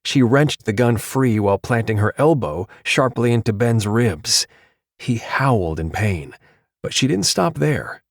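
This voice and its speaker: A man narrating an audiobook in a steady, measured read. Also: mid-range voice, no echo, studio quality.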